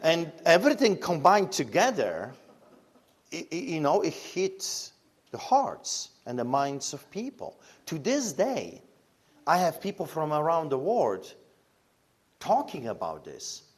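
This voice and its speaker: A man's voice: a little high, big pitch swings, a little slow, husky. Fiery Polish-accented man pastor. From Poland. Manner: emphatic and fiery, with rhetorical questions. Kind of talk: impassioned interview storytelling.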